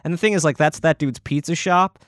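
A man co-hosting a casual podcast over a call, reacting with loud exclamations and riffing in jokes. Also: a little high, fairly even intonation, a little fast, no echo, clean studio sound. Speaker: podcast co-host. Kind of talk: casual chat. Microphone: Skype call.

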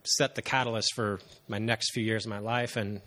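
A man in his thirties shares his personal testimony before a congregation. His voice sits fairly low, and he speaks earnestly and haltingly, often pausing on fillers. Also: level tone, fairly bright tone. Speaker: church member giving testimony.

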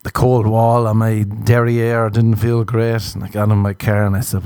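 A man's voice: on the low side, flat delivery, moderate pace, few pauses, a little mellow, clear, resonant tone, no room sound. A man hosting a podcast, delivering a crude, rambling comedic monologue full of profanity. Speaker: podcast host. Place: Los Angeles.

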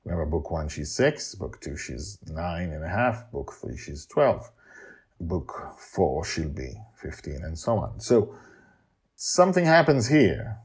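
A man telling his own storybook tale and chatting to listeners with rambling asides. His voice is low, gravelly and a little husky. It leaps around in pitch as he gets animated. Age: older. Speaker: podcast storyteller and author. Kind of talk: storybook narration and casual chat.

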